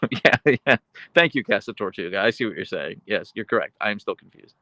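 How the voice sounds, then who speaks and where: Lively, bright-voiced man chatting on stream. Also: on the low side, a little fast, dry recording. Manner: rambling and chatty, with many fillers and self-corrections. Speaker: livestream host reading chat. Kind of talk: casual livestream chat.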